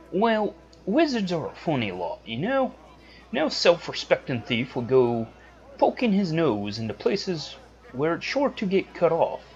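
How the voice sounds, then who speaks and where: A man voicing a young male rogue henchman with a put-on brogue, high and chatty. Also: muffled recording, exaggerated voice. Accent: put-on Irish-like brogue. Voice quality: high light voice. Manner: chatty, irreverent.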